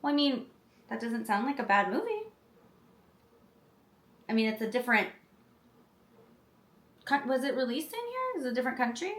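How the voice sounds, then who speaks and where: Chatty higher-voiced woman, roomy echo. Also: very animated, normal speed, long pauses. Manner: chatty, self-deprecating, apologetic asides. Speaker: channel host. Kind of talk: casual chat, reading film synopses aloud. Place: indoor room, seated on a chair.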